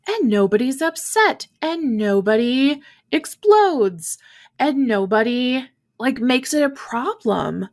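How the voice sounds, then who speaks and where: A woman's voice: fairly high pitch, lively intonation, a little slow. A woman in her thirties hosting a podcast alone, talking in a chatty, candid way with many fillers. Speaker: podcast host. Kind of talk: casual solo podcast talk.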